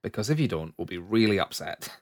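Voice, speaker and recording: A man's voice: fairly low pitch, sing-song, fast talker, dry recording. Laid-back man with a dry sound. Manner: jokey, laughs often, trails off in lists. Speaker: podcast co-host. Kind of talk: casual chat.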